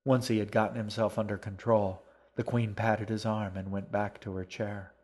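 A man narrating a children's story in a steady, even storytelling manner. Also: lowish voice, normal speed. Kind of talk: audiobook narration.

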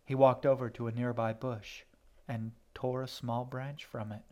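Guy reading an audiobook, mid-pitched voice, steady storyteller pace. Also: moderate pace. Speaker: narrator. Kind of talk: audiobook narration.

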